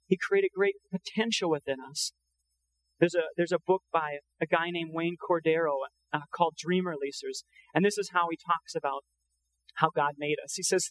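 A man's voice: on the high side, normal speed, a bit bright, slight background noise, poor audio. A man preaching a sermon in an earnest, conversational way, often quoting scripture. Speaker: pastor.

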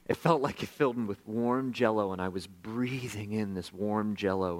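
A man's voice: on the low side, normal speed, few pauses. Conversational man preaching a testimony. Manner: conversational, self-deprecating, swings from hushed to animated. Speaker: pastor. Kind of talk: sermon storytelling.

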